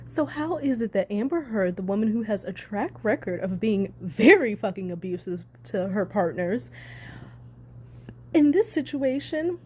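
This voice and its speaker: On her own channel, a woman delivers casual reaction commentary that is heated and sarcastic, swearing hard for emphasis and tossing in sarcastic asides. Her voice is a little high and warm, slightly rough.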